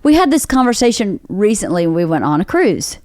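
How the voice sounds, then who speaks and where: A woman hosts a podcast in casual chat, telling a story with an animated delivery. Her pitch swings widely as she acts out what people said, often swearing. The recording is dry and close. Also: fairly quick, dry recording. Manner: animated, profane storytelling with acted-out quotes. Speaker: podcast host.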